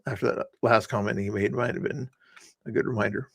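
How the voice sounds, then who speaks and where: A man's voice: fairly low pitch, fairly even intonation, a little fast, creaky, a bit bright, husky, no echo, studio quality. A man hosting a casual livestream, rambling and teasing his guests and chat with sarcastic inflection. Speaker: livestream host.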